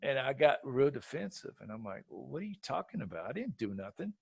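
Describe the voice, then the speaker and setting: Animated man telling a story. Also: medium pitch, brisk, gravelly, breathy edge, no echo. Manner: animated storyteller, acts out quotes. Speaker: podcast host. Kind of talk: casual storytelling chat.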